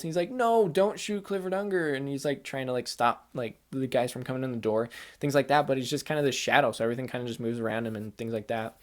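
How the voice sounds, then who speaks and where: Male gaming host, mid-range voice, excitable casual spoiler rambling. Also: mid-range voice. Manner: rambling and excitable, heavy use of "like" and "kinda". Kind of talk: casual spoiler chat about a video game.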